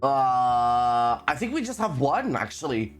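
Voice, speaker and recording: A woman game streamer talks casually to her viewers, often giggling and exclaiming. Her pitch swings widely while her pace stays unhurried, and soft music plays in the background. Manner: giggly, animated, talks to chat. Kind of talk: casual livestream chat.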